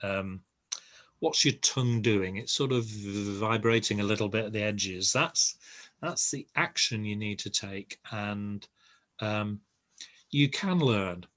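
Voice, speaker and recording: An older man giving a relaxed, reassuring language lesson, pausing often with ums and uhs. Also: on the low side. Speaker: Spanish teacher.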